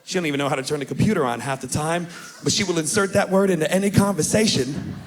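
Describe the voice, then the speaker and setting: A young man doing a stand-up comedy set on a club stage, talking animatedly and shouting out impressions of his family. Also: fairly high pitch, fast talker. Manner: animated, shouts and mimics family members in punchlines.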